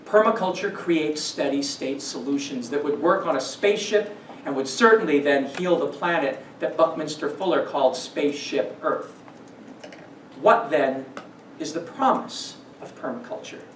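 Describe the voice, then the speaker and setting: A man giving a scripted lecture in an emphatic way, slowing down for stressed points and rushing through asides. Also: on the high side, slight background noise. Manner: emphatic, shifts between slow stresses and quick asides. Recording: roomy echo, distant mic, faint ambience.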